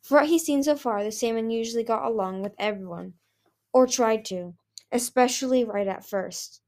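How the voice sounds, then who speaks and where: A woman's voice: a little high, moderate pace, a little mellow. A woman reading a fantasy novel aloud, hesitant, with frequent restarts. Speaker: audiobook reader.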